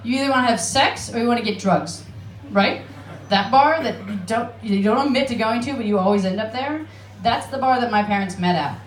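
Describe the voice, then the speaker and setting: A woman's voice: fairly high pitch, a little fast, echoey room, a little hiss or hum. A woman from Alaska with an American accent doing a profane, self-mocking stand-up set in a comedy club. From Alaska, United States. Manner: brash, profane and self-mocking, with laughing asides. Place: comedy club stage in Amsterdam.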